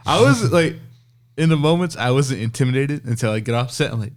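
A man's voice: medium pitch, brisk. A man co-hosting a podcast, telling stories in casual chat and laughing as he goes. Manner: lively, laughs through his stories. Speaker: podcast co-host.

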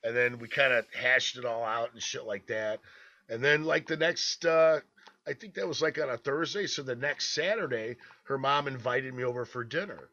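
A man with a bright, forceful voice tells a rambling story among friends, swearing freely and chuckling as he goes. The podcast audio is dull and lo-fi. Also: mid-range voice, moderate pace. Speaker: podcast co-host.

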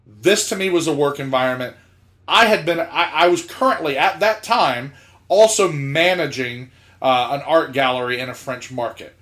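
A man from South Georgia, a podcast co-host, telling a story in casual chat, laughing as he talks and acting out the lines of people in it. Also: fairly high pitch. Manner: animated, laughs mid-sentence, acts out quotes.

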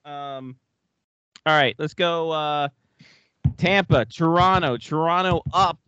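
A man's voice: a little high, slow pace, sharp tone, clear, resonant tone, dry recording. A man hosts a casual chat, cracking jokes and swearing without a second thought. His voice sounds dry and a bit dull, as if recorded on a lo-fi setup. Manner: joking, swears freely. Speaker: podcast host.

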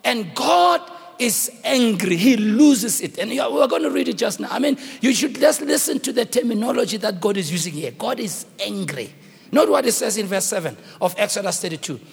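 A man preaching a dramatic sermon, acting out the dialogue with shouts. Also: high voice, expressive, a little fast, creaky, slightly rough, big-room sound.

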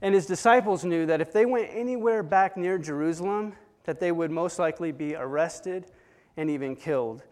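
A fairly high-voiced man preaching a sermon, telling the story with dramatic swings from hushed to loud. His voice rings with long reverb, as if in a large hall. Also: normal speed. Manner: dramatic retelling with swings between soft and loud.

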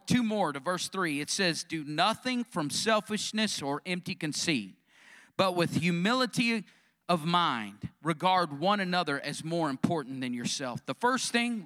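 A pastor with a high, bright male voice delivers a sermon, preaching with call-and-response questions to the congregation.

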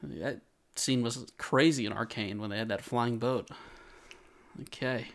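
A man's voice: mid-range voice, unhurried, a little hiss or hum. A young man co-hosting a casual podcast, arguing animatedly and jokingly raising his voice. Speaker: podcast co-host. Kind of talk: casual anime recap chat.

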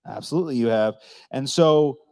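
A man's voice: medium pitch, fairly quick, vocal fry, a little mellow, no room sound. A man preaching a casual, joking sermon, asking the congregation questions and acting out the people he quotes. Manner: joking, conversational, asks the crowd questions; acts out quoted voices. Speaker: pastor.

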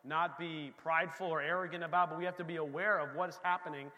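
A man preaching a sermon in a church, swinging between loud emphasis and soft, quiet passages. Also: a little high, steady tone, fast, in a large hall, lo-fi sound. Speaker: pastor.

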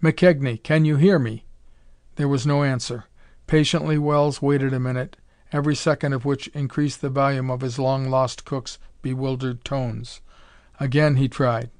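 A man reading an adventure story aloud in a steady audiobook narration. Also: medium pitch, moderate pace, smooth, no room sound, clean studio sound.

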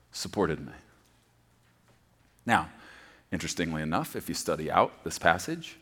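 Dramatic preacher, loud to whispering. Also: male voice, deep voice. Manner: swings from loud emphatic preaching to hushed whispers. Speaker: pastor. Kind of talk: sermon.

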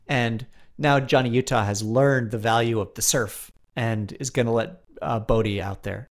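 A man's voice: medium pitch, steady tone, moderate pace. A man in casual comedic chat, rambling through stories, laughing often and swearing offhand.

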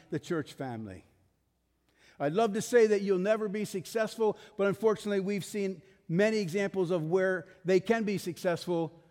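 A man's voice: high-pitched, darkish tone, big-room sound. A male pastor preaching a sermon, emphatic, putting rhetorical questions to his congregation.

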